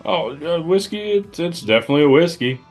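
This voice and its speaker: Sardonic, swearing man with a lively voice. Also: a little high, a little fast, faint music behind. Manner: sardonic, profane, jokey. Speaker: co-host of a whiskey review show. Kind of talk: casual tasting chat.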